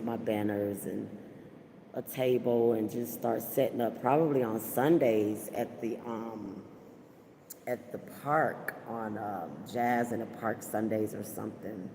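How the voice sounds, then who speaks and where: A woman's voice: extremely low pitch, a little mellow, a little hiss or hum. Heartfelt woman in a reverberant space. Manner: heartfelt, faith-filled, chatty with many fillers. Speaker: podcast host. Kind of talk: casual livestream chat with viewers. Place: at her workplace.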